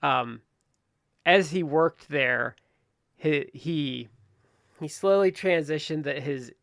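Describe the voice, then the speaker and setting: A man co-hosting a wrestling podcast, chatting casually with quick asides that trail off mid-sentence. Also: a little high, vocal fry, fairly bright tone, no room sound, clean studio sound. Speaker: podcast co-host. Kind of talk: casual chat.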